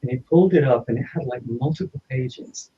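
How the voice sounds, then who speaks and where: A man, a podcast guest, telling a personal story in an animated way and acting out the dialogue. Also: mid-range voice, fairly quick. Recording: slightly dull lo-fi audio.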